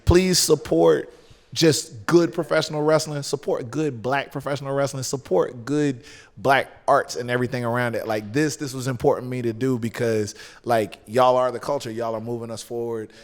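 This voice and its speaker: A man's voice: medium pitch, fairly even intonation, normal speed, long reverb tail. A man with a Southern US accent, a pro wrestler chatting as a guest in a laid-back, rambling way full of fillers. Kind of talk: casual chat.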